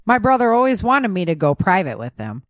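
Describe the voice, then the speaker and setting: A woman voicing a smaller male soldier who trades jokes and quick comebacks. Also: medium pitch, sing-song, no room sound, clean studio sound, close to an everyday voice. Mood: plain.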